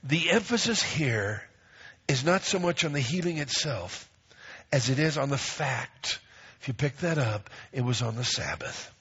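A man's voice: mid-range voice, animated, a little slow, a bit bright, slightly rough. A middle-aged man pastor preaching a sermon, emphatic, repeating phrases and acting out quoted voices. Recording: dull lo-fi recording.

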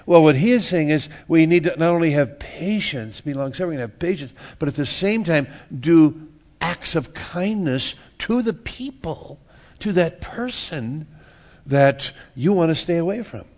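A man's voice: a little high, lively intonation, measured pace, a little mellow. A man preaching a sermon in a church, folksy and joking, repeating words and acting out little everyday scenes. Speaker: pastor.

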